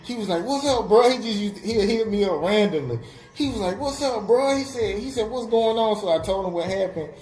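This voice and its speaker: A man's voice: high-pitched, fairly quick, a little mellow. A young man casually telling a story on a web radio show, full of fillers and acted-out quotes. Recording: roomy with faint music behind.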